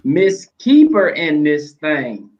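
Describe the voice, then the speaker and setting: A man's voice: fairly high pitch, very animated, slow, a little mellow. A man co-hosting a casual podcast, hyping up each listener's name with stock phrases. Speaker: podcast co-host. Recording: dull lo-fi sound.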